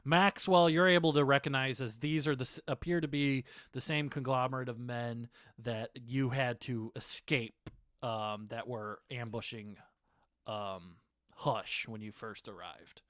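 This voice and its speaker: A man narrating as game master of a tabletop game, unhurried and full of fillers. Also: mid-range voice, steady tone, a bit bright, dry recording, studio quality.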